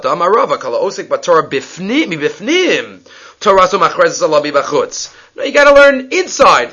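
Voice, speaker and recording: Animated man giving a Talmud lecture. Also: on the high side, dull audio. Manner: mixes Aramaic and Hebrew readings with quick English explanation; animated, acts out dialogue with rising voice. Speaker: Talmud teacher.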